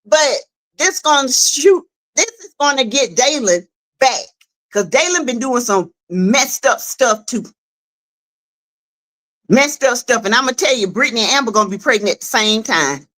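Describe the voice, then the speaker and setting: A woman with a Southern US accent giving animated, casual livestream commentary on a web skit series, talking straight to viewers. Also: on the high side, moderate pace. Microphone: streaming setup.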